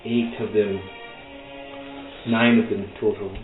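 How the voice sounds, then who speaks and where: A man as game master voicing a frail ancient woman, a weary and sorrowful timekeeper, slow, solemn and mournful. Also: on the low side, level tone. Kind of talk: voicing a character in a tabletop game. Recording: echoey, tinny online call with music.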